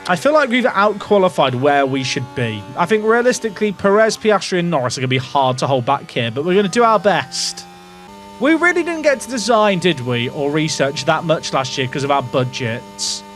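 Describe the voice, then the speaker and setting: Animated man with high voice. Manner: animated, jokey, swings between hype and mutters. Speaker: gaming YouTuber. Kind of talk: excitable game commentary.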